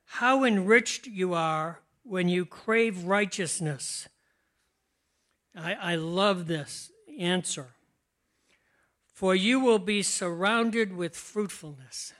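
High-voiced older pastor, slow and chatty. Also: male voice. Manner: relaxed, chatty, laughs often, slows to stress key words. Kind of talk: conversational sermon.

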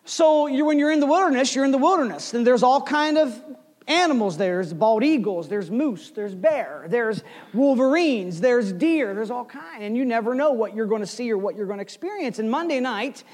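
A man in his forties preaches to his congregation, spinning a personal story that rises to loud bursts and drops to near whispers. His voice sits high for a man. The sound carries a long reverb, as in a large church hall. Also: normal speed. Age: 40s. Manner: storytelling with lively swings between loud and hushed. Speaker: pastor. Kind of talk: sermon.

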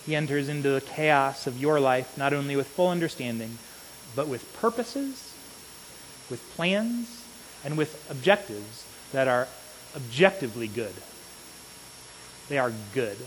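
A man preaching a sermon in an earnest manner, often checking in with the congregation with a quick "right?". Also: medium pitch, expressive. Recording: long reverb with faint hiss.

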